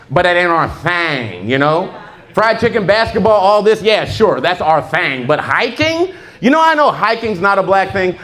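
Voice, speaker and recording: A man from Southern California performing a stand-up comedy set, telling stories full of voices and quick asides. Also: on the high side, fairly bright tone.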